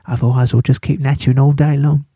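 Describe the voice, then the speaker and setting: A man's voice: medium pitch, little pitch movement, fast, dark tone, husky, no room sound. A man teaching a casual study-guide lesson, chatty and playful, with jokey asides. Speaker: English literature teacher.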